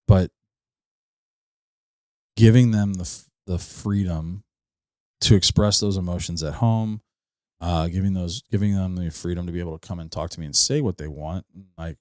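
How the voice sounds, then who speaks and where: A man in his thirties co-hosting a casual podcast, an animated storyteller who laughs through his anecdotes. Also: deep voice, normal speed, long pauses, dry recording, studio quality. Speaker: podcast co-host.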